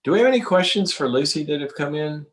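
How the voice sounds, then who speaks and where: A man's voice: a little high, lively intonation, quick pace, poor audio. A middle-aged man hosting a talk show, chatting casually with his daughter, rambling a little and asking probing questions. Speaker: talk show host, psychologist. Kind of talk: casual family conversation.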